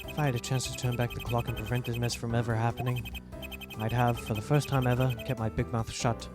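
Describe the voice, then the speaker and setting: A man's voice: medium pitch, flat delivery, fast, close to an everyday voice. Brief: a man as a brash young rookie detective over game music. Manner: brash, indignant.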